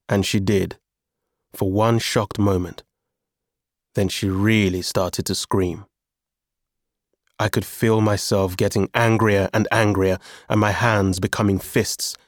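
A man reads a novel aloud in a deep-ish, unhurried voice, laying each sentence down slowly and evenly. The recording is dry and close with no room around it. He sounds like a steady audiobook narrator. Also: dry recording. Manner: slow, measured reading. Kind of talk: scripted first-person narration.

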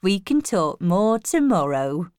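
A woman reading a story aloud and voicing a kindly grey-haired housekeeper who speaks gently and slowly. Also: lowish voice, sing-song, smooth, no echo, clean studio sound. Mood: gentle. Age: older. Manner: gentle, slow and warm-hearted.

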